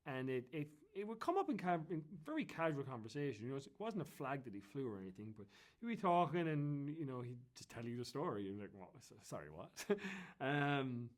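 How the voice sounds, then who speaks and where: An Irish man telling anecdotes as an interview guest, in a chatty, animated way that often breaks into laughter. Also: medium pitch, brisk. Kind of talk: casual storytelling.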